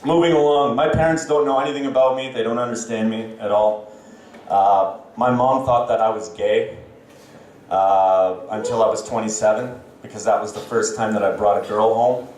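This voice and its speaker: A Canadian man in his thirties doing a stand-up set on stage, self-deprecating and halting, with many fillers. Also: on the low side, fairly even intonation, darkish tone, very echoey, distant mic. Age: 30s. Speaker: stand-up comedian. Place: comedy club stage. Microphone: handheld stage mic.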